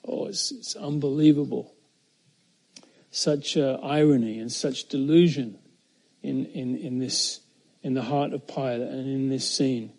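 A middle-aged man preaching an expository sermon, earnest and emphatic, raising his pitch and volume when he quotes scripture and lingering on pauses. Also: steady tone, darkish tone.

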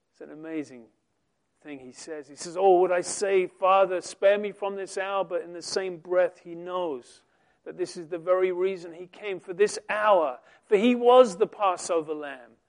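A man preaching a sermon, reading scripture aloud and swelling loud and slow on the quoted lines. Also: high-pitched.

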